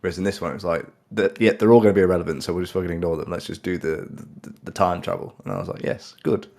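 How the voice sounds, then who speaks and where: A man's voice: low-pitched, racing, vocal fry. A man co-hosting an anime podcast in casual chat, acting out his own reactions. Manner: animated storytelling, acts out his own reactions in quotes. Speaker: podcast co-host.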